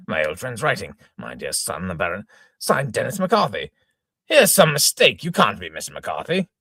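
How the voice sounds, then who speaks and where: Casting: a man playing a fuming old father, bright edgy tone, wildly swooping delivery, husky. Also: fairly low pitch, no echo, clean studio sound, heavily acted. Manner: sputtering oaths, exclaiming, shouting indignantly. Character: blustering old gentleman father, hot-tempered. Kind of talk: amateur reading of an old stage farce.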